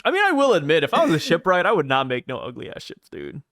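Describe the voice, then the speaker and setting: A man on a podcast retelling a chapter and acting out its characters in put-on voices. His slightly high voice swings widely in pitch. The sound is dry and close. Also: wildly swooping pitch, fast talker, fairly bright tone, no echo. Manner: acts out characters in put-on voices while recapping. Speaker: podcast co-host. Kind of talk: casual chat, retelling a comic chapter.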